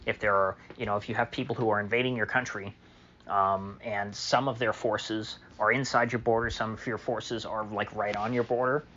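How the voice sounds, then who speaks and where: A man's voice: lowish voice, steady tone, normal speed, pushed and bright, lo-fi sound, a little hiss or hum. A man delivering a solo opinion monologue as a political commentator, sarcastic and mocking, with many fillers.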